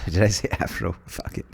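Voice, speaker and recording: A man hosting his own podcast, talking casually in a rambling, profane way, often restarting and sharply raising his pitch for emphasis. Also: a little slow. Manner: animated, jumps in pitch to stress points. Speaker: podcast host. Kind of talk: casual solo podcast monologue.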